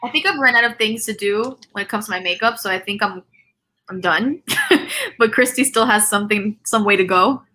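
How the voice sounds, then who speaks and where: Bright-voiced giggly woman on a video call. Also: medium pitch, very animated, normal speed, rough recording. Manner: giggly, chatty, trailing off mid-sentence. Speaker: guest on a live makeup stream. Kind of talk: casual chat.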